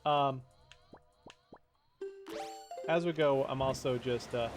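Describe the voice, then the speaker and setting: A man's voice: mid-range voice, slow pace, music in the background. A man streaming a game in casual chat, rambling and chuckling with many fillers.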